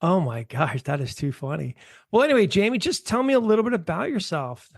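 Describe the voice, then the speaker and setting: An American man hosting a podcast interview, chatty and quick to laugh, who tends to wander off topic. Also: high voice, big pitch swings, vocal fry, dry recording. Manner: chatty, laughs easily, digresses. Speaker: podcast host. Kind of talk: casual interview.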